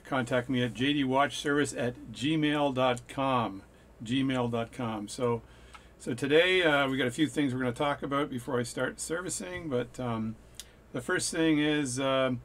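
A man hosting his watch repair channel, chatting casually and jokily at his workbench with plenty of fillers and restarts. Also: medium pitch. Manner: rambling, jokey, with fillers and restarts. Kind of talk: casual workshop talk.

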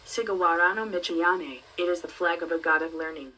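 A woman's voice: on the low side, fairly quick, pushed and bright, slight background noise. Woman reading as an eager schoolboy. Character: high school boy, eager classmate. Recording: voice from a distance.

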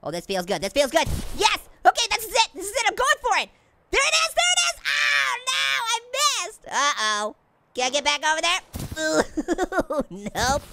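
A let's-play host voices a gleeful cartoon orange, hyper, giggly, and goofy, joking without pause during excited video game commentary. The voice sits high and sounds very animated at a moderate pace, with background noise audible.

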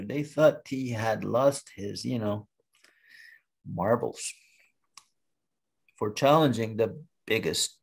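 Slow-paced male storyteller. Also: mid-range voice, vocal fry, slightly rough. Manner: unhurried, conversational, with fillers. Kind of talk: oral storytelling.

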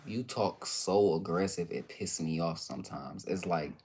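A young man with a slightly low voice chats in a relaxed, teasing way, speaking to his viewers in easy slang. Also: a little slow, breathy edge. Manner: laid-back, teasing, slangy. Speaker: vlogger. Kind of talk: casual chat.

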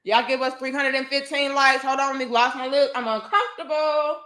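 Emphatic high-voiced woman preaching opinions. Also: fairly even intonation, fairly quick, pushed and bright, echoey room. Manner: preachy, emphatic, profane, with pointed rhetorical questions. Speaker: vlogger. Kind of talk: opinion monologue to a live audience.

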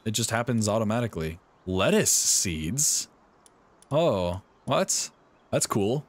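Excitable male streamer with lively pitch. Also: normal speed. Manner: excitable, talks to the game's characters. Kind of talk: live gameplay commentary.

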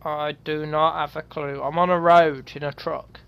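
A man's voice: on the high side, little pitch movement, moderate pace, vocal fry, lo-fi sound. A drunk British man hosting a gameplay session, swearing and joking as he plays. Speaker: gaming channel host. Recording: loud background noise.

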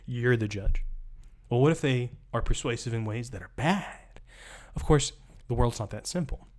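Wry professor reading aloud and riffing. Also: male voice, mid-range voice, normal speed. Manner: wry, chatty asides between read passages. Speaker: rhetoric professor. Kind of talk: live-streamed close reading, reading aloud and commenting.

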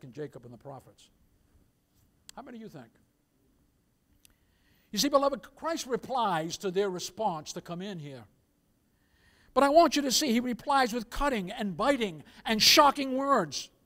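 A man preaching a sermon as pastor, with impassioned swells and quiet asides, quoting scripture in old-fashioned phrasing. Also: sits high.

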